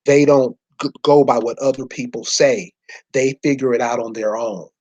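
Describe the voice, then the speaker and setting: A man's voice: mid-range voice, fairly even intonation, normal speed, a little mellow, dull audio. Male lecturer, mid-range voice, preachy and slangy, addresses listeners with constant rhetorical questions. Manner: talks to the audience in loose slangy speech. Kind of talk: informal lecture pointing at a map.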